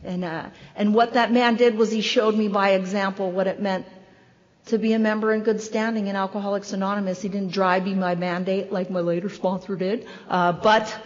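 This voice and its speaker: A woman's voice: mid-range voice, level tone. A woman in her fifties or older giving a wry, self-deprecating recovery share as a convention speaker at a podium microphone. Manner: wry, self-deprecating storytelling with quick asides. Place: large hall. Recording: dull, echoey hall recording.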